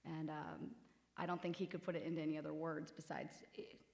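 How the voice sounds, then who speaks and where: A woman's voice: deep voice, flat delivery, a little fast, gravelly, a little mellow. A woman guest on a live radio interview at a theater, animatedly telling a story and acting out quotes. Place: theater venue, live broadcast. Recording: long hall reverb.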